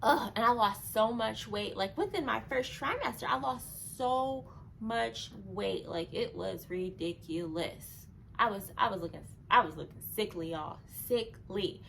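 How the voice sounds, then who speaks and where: A young woman vlogging casually to camera, chatty and animated, acting out past moments in a higher voice. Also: normal speed, gravelly, few pauses, slight background noise, poor audio.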